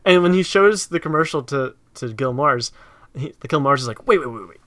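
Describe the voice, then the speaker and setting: A man co-hosting a casual film discussion, animated and laughing as he talks. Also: on the high side. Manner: animated, laughing, quick to agree. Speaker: podcast co-host.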